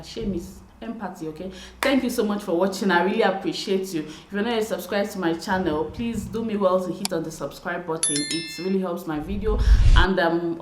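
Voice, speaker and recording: Brief: young Nigerian woman, chatty vlogger, animated delivery, roomy echo. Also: medium pitch, slight background noise. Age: young adult. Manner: chatty, animated, laughs often. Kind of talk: casual explainer vlog.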